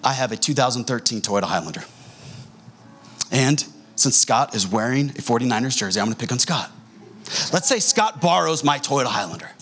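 A man preaching a sermon as a pastor in a church, telling stories in an animated way and acting out the dialogue. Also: mid-range voice, brisk, slightly rough. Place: church sanctuary.

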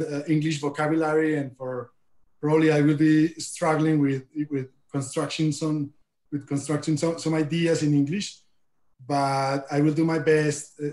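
Halting Colombian-accented man presenting. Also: fairly high pitch, a little mellow, roomy sound. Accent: Colombian Spanish. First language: Spanish. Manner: careful, halting, with many repeated words. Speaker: guest speaker. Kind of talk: webinar presentation.

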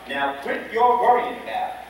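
An actor playing a cocky cheerful cowboy. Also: male voice, very high-pitched, expressive, moderate pace, slight background noise. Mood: warm courting. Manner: boisterous, joking, swoops up on exclamations. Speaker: stage actor. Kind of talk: amateur stage musical acting. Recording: echoey stage hall, far-off mic.

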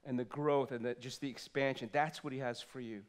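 A man in his fifties preaching a sermon in a church, swinging from loud exclamations to soft asides. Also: medium pitch, fairly even intonation, fairly quick. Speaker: pastor. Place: church sanctuary.

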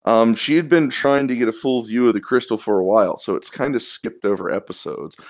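A man's voice: mid-range voice, fairly quick, muffled recording. A man running a tabletop campaign, chatting casually on a podcast and teasing the players about plot secrets. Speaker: dungeon master.

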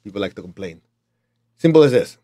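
A man's voice: lowish voice, animated, brisk, warm tone. A middle-aged man with a Chinese accent giving a blunt, emphatic motivational talk to his students. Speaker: motivational teacher.

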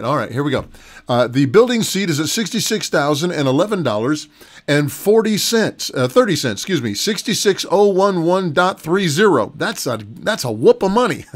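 A middle-aged pastor delivers a relaxed broadcast sermon in a voice a little high for a man. His style is folksy and chatty, with repeated phrases and frequent chuckles.

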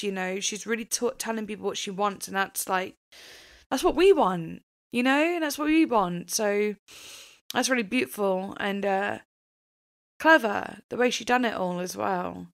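A woman's voice: mid-range voice, unhurried. A woman giving casual, emotional reaction commentary on a music video, chatty and full of fillers.

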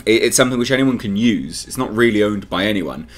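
A man's voice: fairly low pitch, lively intonation, fast, faint music behind. A man hosting his own channel, giving casual to-camera commentary on movie rumors in a chatty, speculative way. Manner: chatty, speculative, talks straight to viewers. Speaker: film commentary YouTuber.

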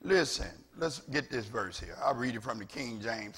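A man preaching a sermon as pastor with a Southern US accent, repeating phrases and building from quiet talk to loud preaching. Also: medium pitch, expressive, moderate pace, few pauses, breathy edge. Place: church with several cameras.

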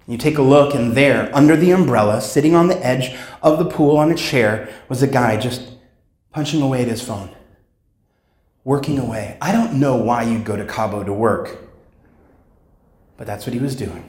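A man giving a keynote speech at a conference, telling a story with dramatic pauses and acted-out sounds. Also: medium pitch, darkish tone. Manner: dramatic storyteller, acts out sounds and voices, slows for emphasis. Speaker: keynote speaker. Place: conference hall. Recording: echoey hall sound.

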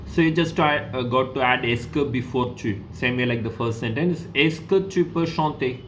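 A man's voice: medium pitch, moderate pace, slight background noise. A man teaching a French lesson to a school class, patient and repetitive, saying okay between steps. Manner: patient, repeats each example, says okay often.

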